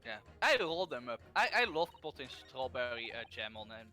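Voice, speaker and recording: Brief: playful European guest on a gaming stream, very animated delivery. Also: male voice, medium pitch, faint music behind. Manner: playful, quick to protest. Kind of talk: casual banter while gaming.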